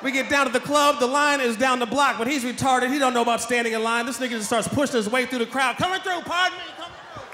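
A man from Washington, D.C., doing stand-up comedy, profane and animated, often shouting. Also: very high-pitched, fast, hardly any pauses. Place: comedy stage. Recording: echoey hall, live stage.

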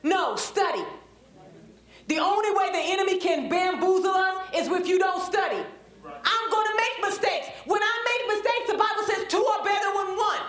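A high-pitched, middle-aged woman preaching a Bible study with a Black lilt. She draws the congregation into call-and-response and climbs into fervent preaching. Her voice rings around a reverberant church room. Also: expressive, normal speed, fairly bright tone. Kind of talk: sermon-style Bible teaching.

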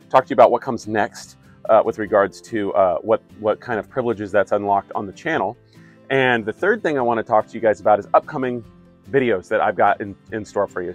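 A middle-aged man, a wastewater plant operator, chatting casually to his viewers with many fillers and wry asides. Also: mid-range voice. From California. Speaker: wastewater operator and YouTube host. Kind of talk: casual talk to camera.

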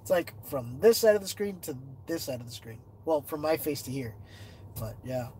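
A congested man on a casual livestream, reading viewer comments aloud, answering them and telling a story with growing excitement. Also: moderate pace, a little hiss or hum. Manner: animated storytelling, rising in pitch when excited. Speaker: livestreaming explorer.

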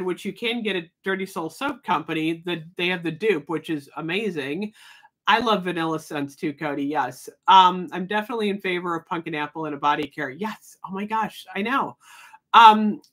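A woman's voice: lowish voice, a bit bright. A woman hosting a casual livestream, chatting and replying to viewer comments, often laughing. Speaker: livestream host. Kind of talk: casual live chat.

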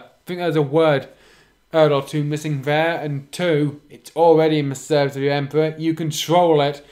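A man's voice: a little high, little pitch movement, moderate pace, darkish tone. Sarcastic man reading fan fiction aloud. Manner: sarcastic, interrupts the reading with wry remarks. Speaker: reader and commentator.

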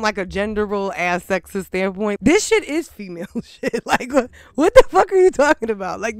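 Man host, reality recap, cussing and cackling, smooth dry close-miked voice. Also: high voice, no room sound. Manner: profane, laughing, animated rant. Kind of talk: casual commentary on a TV episode.

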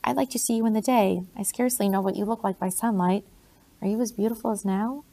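A woman reading an audiobook, voicing an earnest young male British soldier who speaks in a gently insistent way. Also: medium pitch, steady tone, quick pace, close to an everyday voice.

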